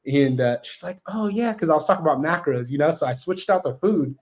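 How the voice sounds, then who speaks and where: Fast-talking blunt male podcast host. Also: on the high side. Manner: blunt, profane storytelling. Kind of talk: casual podcast chat.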